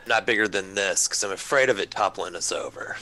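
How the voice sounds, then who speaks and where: A man's voice: low-pitched, brisk, bright, forceful tone, poor audio. A man playing a tabletop game, chatting in an easygoing, joking way. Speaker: player. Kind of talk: casual tabletop role-play.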